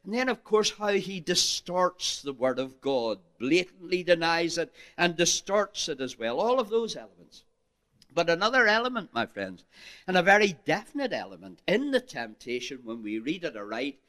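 A man's voice: a little high, sing-song, unhurried, fairly bright tone. A man preaching a sermon in an emphatic, rising and falling delivery, addressing his listeners as "my friends.". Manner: archaic King James phrasing.

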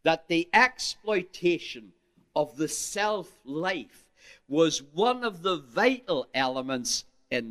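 A man preaching a sermon in an emphatic, rising and falling delivery, addressing his listeners as "my friends.". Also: on the high side. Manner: archaic King James phrasing.

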